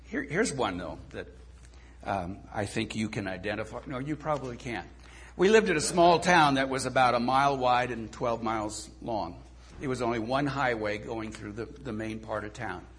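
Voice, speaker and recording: A man's voice: medium pitch, normal speed, a bit bright, a little hiss or hum. Man preaching a sermon in conversational storytelling. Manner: conversational storytelling with self-deprecating humor. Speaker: pastor.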